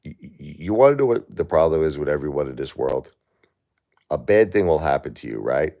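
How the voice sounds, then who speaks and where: A man in his forties hosts a livestream and argues passionately with a viewer. His voice sits extremely low, with a gravelly fry. He repeats himself as he presses each point. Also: sing-song, brisk, mellow. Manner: impassioned, repetitive, arguing with a chat viewer. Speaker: livestream host. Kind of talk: emotional livestream chat.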